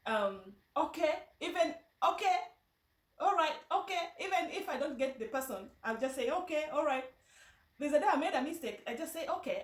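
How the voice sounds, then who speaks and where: Kenyan woman vlogger, animated storytelling, restarts a lot, recorded from a distance. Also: on the high side, reverberant. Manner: animated, laughing, frequent restarts and repetitions. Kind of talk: casual storytelling to camera. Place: in the United Kingdom.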